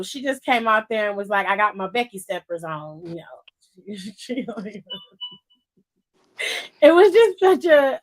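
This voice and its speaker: A woman with a slightly higher voice than most, talking in a loose, rambling way. She giggles often and trails off into fillers as she chats on a podcast. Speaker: podcast co-host. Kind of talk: casual chat.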